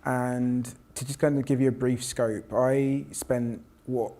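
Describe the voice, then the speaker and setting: Professor, reflective storyteller, mid-pitched, restarts a lot. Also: male voice, flat delivery, takes it slowly, mellow. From South London. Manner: reflective, with frequent restarts and quoted voices. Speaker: professor and panel guest. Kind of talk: personal storytelling in conversation.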